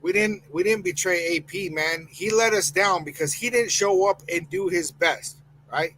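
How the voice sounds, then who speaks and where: A man's voice: sits high, normal speed, a bit bright, a little hiss or hum, low-quality recording. A man hosting a live sports podcast, ranting heatedly and reading chat comments aloud. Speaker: podcast host.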